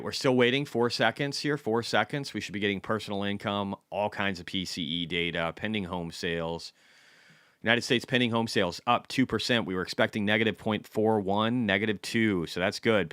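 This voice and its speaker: A man's voice: low-pitched, a bit bright, no room sound, studio quality. A man hosting a casual stock market livestream, blunt and chatty, reading economic data aloud and answering viewers' questions.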